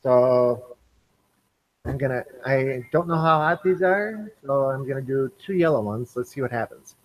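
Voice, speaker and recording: A man's voice: medium pitch, animated, a little slow, low-quality recording. A man hosting a casual live stream, taste-testing candy and talking between mouthfuls. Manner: eats candy on camera, apologizes for chewing.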